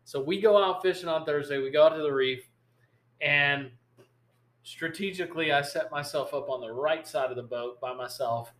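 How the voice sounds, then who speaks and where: A man tells a story in a casual podcast chat, animated and rambling. His voice sits a bit high and sounds bright and forceful. The room around him is echoey. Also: normal speed. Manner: animated, rambling storyteller who acts out quotes. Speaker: podcast host.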